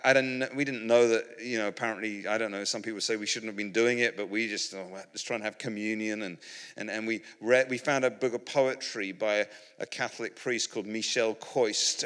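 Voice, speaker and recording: In a reverberant large hall, a man with a British English accent preaches in a rambling, self-mocking, humorous storytelling style, frequently restarting his sentences. His voice is medium in pitch, pushed and bright.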